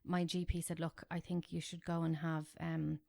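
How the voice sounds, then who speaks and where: A woman in her forties, a podcast guest telling a candid personal story with animated, self-deprecating asides. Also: low voice, normal speed, vocal fry. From Ireland.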